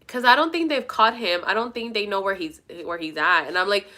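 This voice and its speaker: A woman's voice: medium pitch, a little fast, pushed and bright. A young woman talking casually to her viewers, rambling and emphatic, swearing a lot. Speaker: vlogger. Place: at her mother's home.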